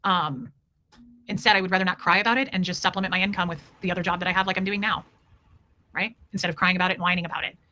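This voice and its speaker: Her voice sits on the low side, racing along in a sharp tone with fairly even intonation. As host of a casual livestream, she responds to chat messages bluntly and indignantly, hammering her points with repeated emphasis.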